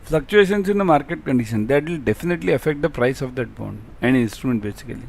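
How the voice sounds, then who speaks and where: A man's voice: medium pitch, expressive, quick pace, gravelly, darkish tone. A man teaching an online exam-prep class, asking rhetorical questions and repeating key terms.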